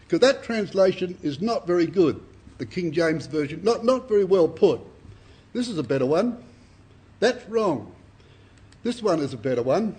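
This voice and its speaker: A man's voice: high-pitched, darkish tone, husky. An older man, giving an earnest, emphatic Bible sermon to a congregation and often repeating his words. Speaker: Bible speaker.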